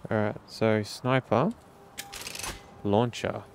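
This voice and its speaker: A man's voice: fairly low pitch, steady tone, slow, vocal fry, noisy background. A man casually commenting on a game as he plays, thinking aloud about weapons and controls. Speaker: gamer playing through a game. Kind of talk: casual let's-play commentary. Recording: game music playing under the voice.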